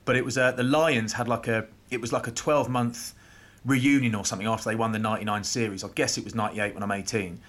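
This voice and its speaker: A man, former rugby player, co-hosting a podcast and telling stories in lively casual chat. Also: mid-range voice. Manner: animated anecdote telling with quick voice impressions.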